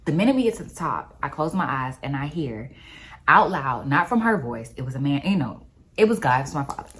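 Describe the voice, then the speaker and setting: Woman vlogger, low voice, animated storyteller, casual faith talk. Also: fairly quick. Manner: animated storyteller, expressive and conversational.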